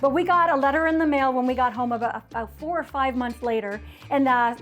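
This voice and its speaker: Chatty high-voiced woman vlogger. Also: quick pace, a bit bright. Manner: chatty storytelling, laughs easily. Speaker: travel vlogger co-host. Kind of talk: casual travel tips chat.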